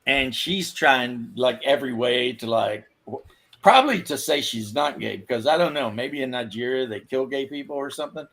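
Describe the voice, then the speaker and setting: A man's voice: mid-range voice, animated, moderate pace, fairly bright tone. A man in casual podcast chat, blunt and offhand, telling a story.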